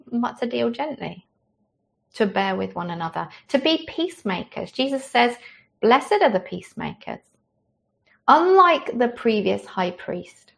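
A woman preaching a sermon with a gravelly rasp in her voice. She speaks in a mid-range pitch, earnest and conversational, and gentle in manner.

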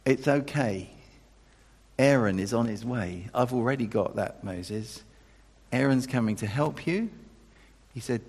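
A man preaching a sermon, animated and acting out the dialogue of the figures he quotes, often breaking off and restarting. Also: creaky. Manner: animated, acts out quoted dialogue with pitch jumps, self-interrupting. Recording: long reverb of a large hall.

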